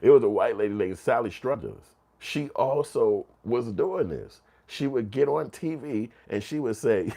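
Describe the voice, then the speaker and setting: A middle-aged man, telling casual, profane, animated stories as a commentary host. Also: mid-range voice, a little slow, vocal fry, hardly any pauses. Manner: animated storytelling, swearing and slang.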